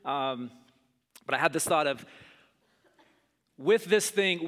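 A middle-aged man preaching a sermon, telling stories and acting out scenes with big jumps in his voice. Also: slow. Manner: animated, acts out scenes with big pitch jumps. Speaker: pastor. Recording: long hall reverb.

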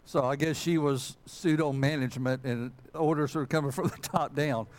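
A man preaching as pastor, talking in a folksy, self-deprecating way and filling pauses with "uh". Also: on the high side, fairly even intonation. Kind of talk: conversational sermon and prayer.

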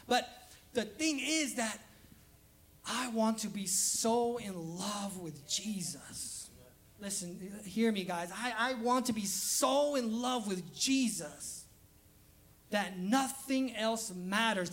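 In a church sanctuary, a high-pitched male pastor delivers a lively sermon to his congregation, taking it slowly. His chatty, animated style includes acting out playful quoted voices and laughing at himself.

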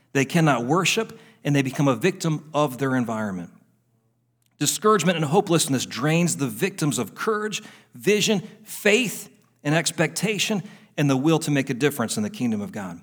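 A man's voice: fairly high pitch, sing-song, fairly quick. A male pastor delivering a sermon, fervent and emphatic, repeating phrases for effect.

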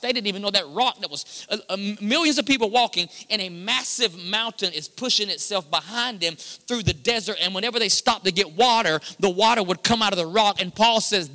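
A high-voiced, bright-toned man preaches into a handheld mic, swinging between near-shouts and hushed passages. His voice rings out with a long reverb from the hall. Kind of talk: sermon. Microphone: handheld microphone.

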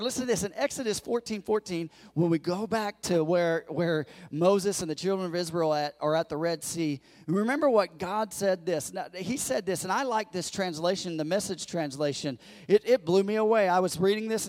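Animated preaching man, fairly high voice. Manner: animated preaching, acts out quotes in raised voice, jokes with congregation. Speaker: pastor. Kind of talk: sermon. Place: church.

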